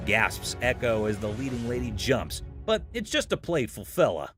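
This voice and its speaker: A man's voice: mid-range voice, sing-song, normal speed, music in the background. A man narrating a show recap in a scripted, playful, jokey storytelling manner.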